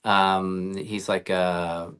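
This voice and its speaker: A man's voice: sits low, level tone, drawn-out words, a bit bright, smooth. A man talking as a guest actor in a casual interview, telling rambling stories with lots of fillers and restarts over a video call.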